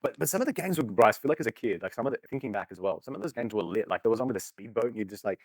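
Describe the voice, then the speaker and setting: A man's voice: on the low side, expressive, dry recording. A young man, joking and swearing freely in a casual podcast chat. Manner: rapid, joking, swears freely, laughs often.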